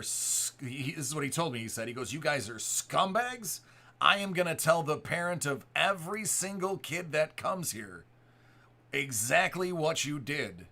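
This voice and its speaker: Telling a story in a relaxed chat, a Buffalo-area card break host in his forties rambles, restarts, and performs the quotes. His voice is a little high and creaky, bright and forceful.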